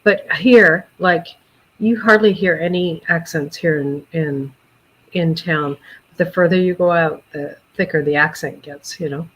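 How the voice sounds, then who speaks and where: Relaxed woman chatting on a stream, voice a bit low. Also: measured pace, slightly rough, low-quality recording. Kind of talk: casual livestream chat.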